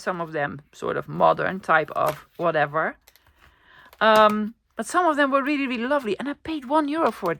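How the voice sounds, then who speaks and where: A woman's voice: medium pitch, a bit bright, no room sound. Chatty woman vlogger. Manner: chatty, enthusiastic, thinking aloud. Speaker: craft vlogger. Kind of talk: casual show-and-tell vlog.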